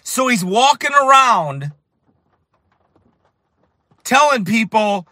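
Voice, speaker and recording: A man preaching with fire and emphasis as he tells a story, at times rising to shouts. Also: very high-pitched, animated, slow, long pauses, no echo. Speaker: street preacher. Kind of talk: preaching while telling a story.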